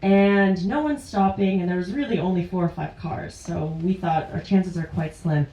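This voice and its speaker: A woman's voice: on the low side, normal speed, mellow, muffled recording, a little hiss or hum. A woman from Ontario, Canada, telling a true personal story live on stage in a chatty way and often laughing through her words. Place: indoor stage at a small live venue. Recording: roomy, distant live-venue sound.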